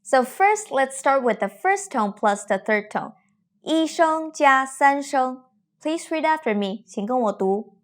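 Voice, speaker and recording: A woman teacher leading a pronunciation drill, modelling each word slowly and deliberately for learners to repeat. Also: sits high, animated. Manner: slow, deliberate modelling of tones. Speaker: Chinese teacher.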